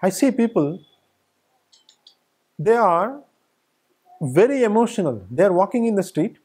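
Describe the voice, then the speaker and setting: A male spiritual teacher delivers a satsang talk in a fairly high, husky voice. His pitch rises and falls animatedly as he stacks up repeated phrases for emphasis. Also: sing-song, unhurried, darkish tone. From India. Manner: emphatic, repetitive lists. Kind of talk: satsang discourse.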